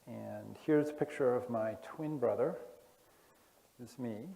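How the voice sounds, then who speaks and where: A man giving a casual conference talk to an audience, halting, with many fillers and restarts. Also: mid-range voice, vocal fry, warm tone, husky. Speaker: conference speaker. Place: conference room. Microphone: wearing headphones with a masking device.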